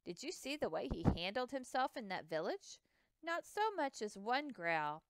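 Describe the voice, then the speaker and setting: A woman voicing a proud, excitable male expedition captain whose words tumble out in indignant bursts, in a storybook reading. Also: a little high, moderate pace, a little hiss or hum.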